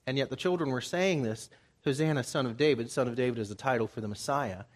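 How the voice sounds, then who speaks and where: A man's voice: medium pitch, fast talker. A man preaching a Bible study sermon in a conversational way, acting out the people he quotes with rising emphasis. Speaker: pastor.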